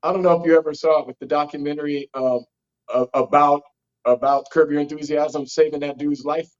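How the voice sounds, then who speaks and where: A man's voice: fairly high pitch, fairly even intonation, brisk. A man co-hosting a podcast in casual chat, rambling and restarting sentences, swearing casually. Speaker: podcast co-host. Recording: slightly dull lo-fi sound.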